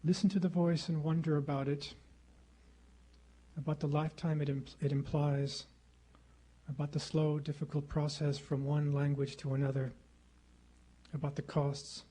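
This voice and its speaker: A middle-aged man giving a formal public lecture at a podium microphone in a lecture hall, speaking in a measured, rhetorical way and repeating phrases for effect. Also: a little high, flat delivery, mellow, breathy edge. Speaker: guest lecturer.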